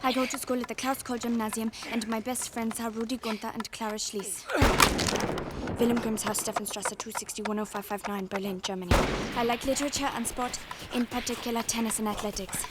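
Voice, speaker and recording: An actress playing a young girl who recites a memorised cover story in a flat, drilled way, in a film scene. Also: on the high side, a little fast, heavy background noise, natural voice. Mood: rote reciting. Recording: film soundtrack with loud gunfire.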